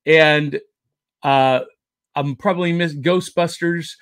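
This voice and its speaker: A man's voice: on the high side, fairly even intonation, slow pace, fairly bright tone, clear, resonant tone. A man hosting a pop culture podcast, with jokey, upbeat showman patter. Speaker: podcast host. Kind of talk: casual podcast chat.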